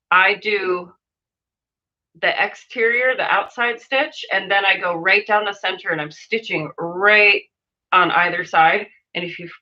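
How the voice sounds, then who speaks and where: A woman's voice: medium pitch, sharp tone, highs cut off. A woman hosting a sewing livestream, chatting casually and reading viewer comments aloud as she works.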